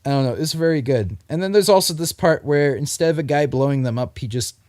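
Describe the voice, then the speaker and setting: A young man co-hosting a casual comic-book podcast, animated and swearing freely as he retells scenes in put-on voices. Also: fast talker, dry recording, clean studio sound. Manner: animated, swears freely, acts out quoted lines in higher voices. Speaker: podcast co-host. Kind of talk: casual chat.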